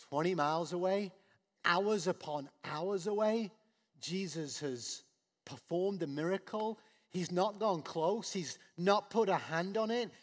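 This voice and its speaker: Male preacher, high and unhurried, dynamic delivery, echo of a large hall. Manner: animated, swings from soft to loud acted quotes. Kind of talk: sermon. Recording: long hall reverb.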